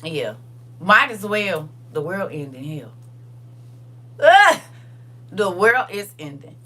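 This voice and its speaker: A woman's voice: on the low side, animated, measured pace, pushed and bright. An older woman hosting a casual livestream. She chats with her viewers, reads their comments aloud, and repeats phrases for emphasis. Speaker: livestream host.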